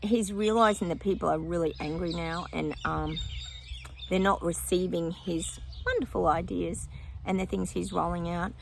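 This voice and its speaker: A woman's voice: on the low side, fairly even intonation, moderate pace, creaky, a little hiss or hum. A woman psychic vlogging her predictions outdoors in casual chat, often breaking off to talk to her dog.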